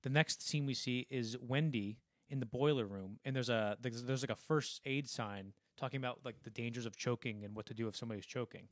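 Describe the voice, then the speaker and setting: Brisk and barely pausing, a young man with a medium-pitched voice recaps movie scenes on the film podcast he co-hosts. His telling is excited and meandering, constantly restarting sentences, and the studio-quality audio has no echo.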